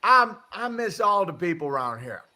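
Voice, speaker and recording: A man's voice: high voice, very animated, moderate pace, sharp tone, voice pushed up, heavily acted. A man voicing a cheerful elderly Southern good old boy with a friendly, folksy drawl. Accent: Southern US drawl, put on.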